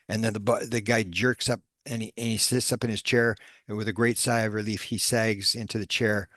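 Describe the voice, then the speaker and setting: A man with a low voice who presents as a paranormal researcher and tells long stories. He talks haltingly, full of fillers and restarts. The sound is dry and close. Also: steady tone, fairly bright tone, no echo. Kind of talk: storytelling presentation.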